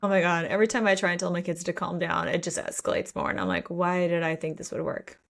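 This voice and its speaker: A woman in her thirties co-hosting a casual book podcast, animated and acting out characters' lines. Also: fairly low pitch, fast talker, vocal fry. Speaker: podcast co-host.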